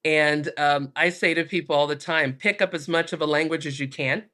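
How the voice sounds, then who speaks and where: A middle-aged American woman, a book author telling travel stories in an interview, animated and acting out the voices in them. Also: sits low, normal speed. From United States. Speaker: guest, author. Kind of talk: storytelling interview.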